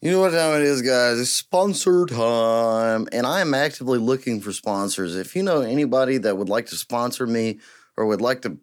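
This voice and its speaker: A man riffs loosely as a podcast host, with a mid-range pitch. He jokes, rambles and gets excited easily, in a relaxed, unscripted way. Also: fairly quick. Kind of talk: casual podcast rant.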